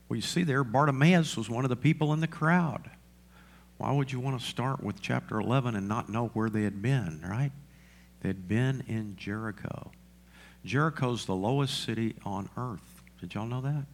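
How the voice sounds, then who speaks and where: A man's voice: mid-range voice, normal speed, creaky, slight background noise. A male pastor preaching a sermon, asking the congregation questions and repeating lines for emphasis.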